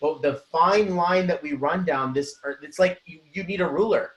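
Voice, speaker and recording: Energetic man talking in a roomy space. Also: fairly high pitch, normal speed, dull audio. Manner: energetic, acts out quoted voices. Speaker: co-host. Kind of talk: motivational casual talk. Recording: roomy echo.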